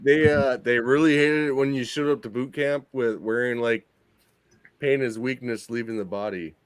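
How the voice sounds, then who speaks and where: A man hosting a casual chat, relaxed and stumbling over words, swearing now and then. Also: medium pitch, moderate pace, a loud crowd. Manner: laid-back, stammering, swears casually.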